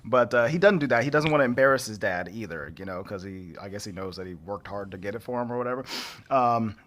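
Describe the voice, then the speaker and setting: A man's voice: on the low side, quick pace, fairly bright tone. A man co-hosting a podcast, casually recapping a movie and acting out the characters with laughs. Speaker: podcast co-host.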